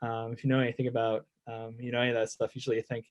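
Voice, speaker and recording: Laid-back rambling snowboarder dude. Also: male voice, medium pitch, completely flat delivery, racing, lo-fi sound. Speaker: guest, professional snowboarder. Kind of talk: casual storytelling chat.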